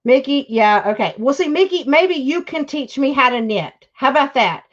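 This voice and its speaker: This YouTube crafter hosts a livestream in a high, animated voice at a normal speed, the audio a bit dull. Gushing about her crafts, she keeps things chatty, reads viewer comments out loud, and uses "y'all" frequently.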